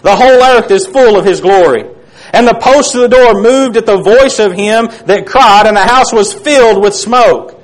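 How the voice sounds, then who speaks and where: Male preacher, high pitch, dramatic sermon delivery with quiet, hushed drops. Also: normal speed, poor audio. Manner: dramatic, drops to a hush on key phrases. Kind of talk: sermon with scripture reading.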